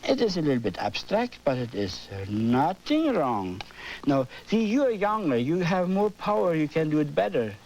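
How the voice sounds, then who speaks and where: An older man with a German accent, teaching oil painting on his TV show, animated and often asking "you see?". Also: fairly high pitch, moderate pace, highs cut off. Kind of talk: painting demonstration. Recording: worn 1980s videotape audio with hum.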